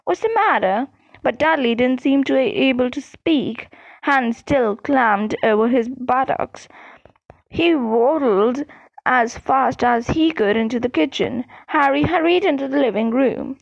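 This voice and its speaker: A woman reading a storybook aloud in a steady, plain way, with the odd slip. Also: sits high, a little slow, creaky, dry recording, highs cut off. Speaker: audiobook reader. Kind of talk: storybook narration.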